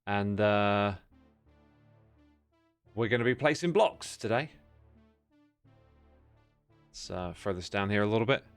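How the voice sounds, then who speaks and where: A man with a hoarse voice chatting casually to his livestream chat while building in a game, rambling and greeting viewers by name. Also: on the low side, animated, slow, pauses often, faint music behind. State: hoarse from festival screaming.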